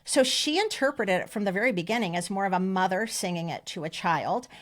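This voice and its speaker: A woman's voice: mid-range voice, animated, a little fast. A woman co-hosting a podcast, telling personal stories in a chatty, emotional way. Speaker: podcast co-host. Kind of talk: casual chat.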